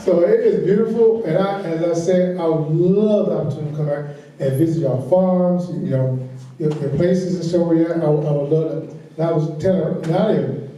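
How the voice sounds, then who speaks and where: A man's voice: fairly high pitch, moderate pace, dark tone. A man with a Southern drawl teaching a farm tax workshop, folksy and repeating his key points, laughing easily. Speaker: workshop instructor. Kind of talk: financial training lecture. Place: large echoey meeting room. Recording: echoey room, distant mic.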